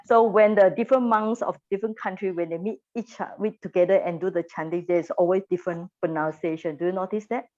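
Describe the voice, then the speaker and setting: A woman teaches pronunciation in a classroom and patiently repeats each sound for her students. Her voice sits slightly low. The recording is dull and lo-fi. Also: fairly even intonation, fast talker, few pauses, mellow.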